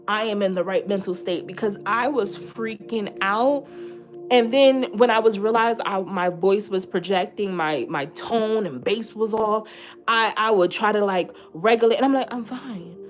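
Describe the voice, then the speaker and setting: A young woman vlogger telling a personal story in a casual storytime style, animated, with sudden loud outbursts, quiet asides and swearing. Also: medium pitch.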